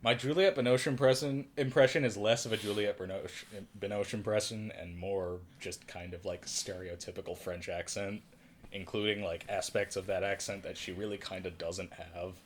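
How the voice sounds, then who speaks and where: A man's voice: lowish voice, fairly even intonation, normal speed, slight background noise. A man hosting a casual film review podcast, rambling and self-correcting with a wry tone. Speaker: podcast host reviewing films. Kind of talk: casual chat.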